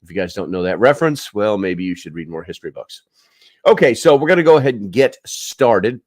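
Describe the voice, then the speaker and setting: A man's voice: fairly low pitch, big pitch swings, brisk, no echo, clean studio sound. A man hosting a prepper channel, rambling through the news with sarcastic asides and lots of filler words. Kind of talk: casual news commentary.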